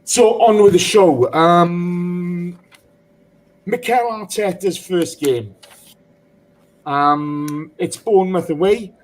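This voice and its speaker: A man hosting a football podcast, speaking emotionally and haltingly with many pauses. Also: high voice, rough recording. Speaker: podcast host. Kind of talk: casual football podcast chat.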